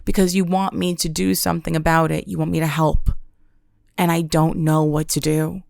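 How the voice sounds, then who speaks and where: Dramatic deadpan woman, gravelly voice. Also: low voice, normal speed, no echo, studio quality. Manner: deadpan, dramatic storytelling with self-mocking exaggeration. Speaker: podcast host. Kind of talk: comedic monologue.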